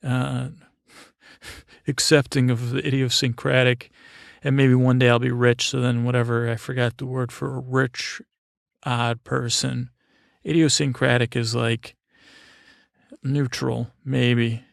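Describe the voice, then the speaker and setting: Gravelly man telling a rambling story. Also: mid-range voice, flat delivery, dry recording, clean studio sound. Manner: halting and meandering, with many fillers and restarts; wry and self-deprecating.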